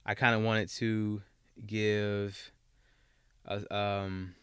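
Male podcast host, young, blunt and animated; smooth, resonant, lowish voice, dry close sound. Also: extremely slow, no echo. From Alabama, US South. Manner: blunt, animated, repeats words when worked up. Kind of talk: solo podcast monologue.

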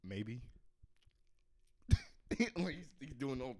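With a fairly low, animated voice at a moderate pace, this podcast co-host spins a comedic story, voicing both sides of each scene and frequently laughing. There's slight background noise.

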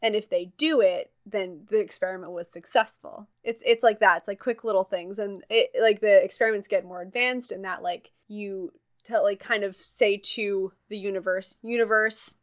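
A woman's voice: mid-range voice, steady tone, normal speed, hardly any pauses. Chatty young woman, casual talk. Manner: chatty, many fillers, laughs easily. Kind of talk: casual chat.

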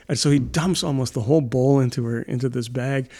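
Gravelly-voiced middle-aged guy, casual chat, tells long family stories and laughs a lot. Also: mid-range voice, fast, a little mellow. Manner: rambling storyteller who laughs often. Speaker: podcast co-host and father.

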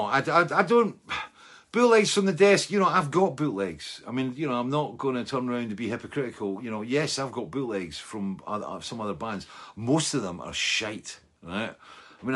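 A man's voice: lowish voice, lively intonation, a little fast, fairly bright tone, husky. A Scottish man in his sixties, a musician hosting a fan Q&A show, chatting casually and rambling with lots of asides. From Scotland. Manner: loose and chatty, full of fillers and asides.

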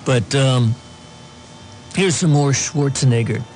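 A man's voice: medium pitch, slow pace, a little mellow, slight background noise. A man giving casual political commentary, reading news aloud with sarcastic asides and plenty of ums. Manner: sarcastic asides, many fillers.

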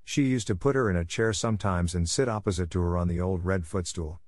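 Male audiobook narrator for a classic novel, low voice, dry close sound. Steady storytelling. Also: brisk, dry recording.

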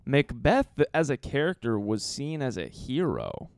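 A man's voice: mid-range voice, huge pitch swings, normal speed, dry recording, clean studio sound. A man co-hosting a podcast, retelling a play in a loose, swearing, laughing way with plenty of ums. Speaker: podcast co-host telling the story. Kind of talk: casual chat.

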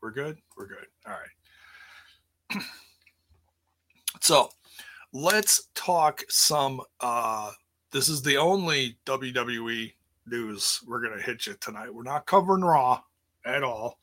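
A man in his forties hosts a livestreamed podcast with a bright, forceful tone. He talks slowly and playfully and often restarts his sentences in loose, casual chat. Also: medium pitch, animated. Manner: playful, rambling, with many restarts. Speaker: podcast host. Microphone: streaming setup.

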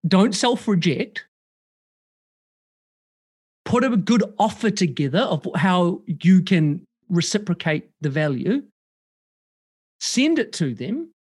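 A man chatting casually as a podcast guest over a remote call, animated and swearing freely, acting out quoted voices. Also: high-pitched, slightly rough.

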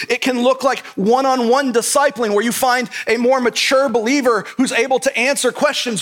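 A man's voice: very high voice, fairly bright tone. A male pastor preaching a sermon in an earnest, emphatic way, repeating his key points.

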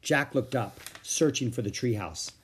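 A man reading a children's chapter book aloud, narrating gently and expressively. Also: mid-range voice, expressive, unhurried, husky. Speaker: audiobook reader. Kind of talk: storybook read-aloud narration.

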